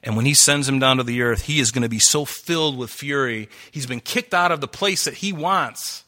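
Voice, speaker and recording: A man's voice: mid-range voice, normal speed, sharp tone. A man preaching a sermon to a congregation, fervent and worked up, breaking into laughs and asides. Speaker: pastor. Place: church hall before a congregation.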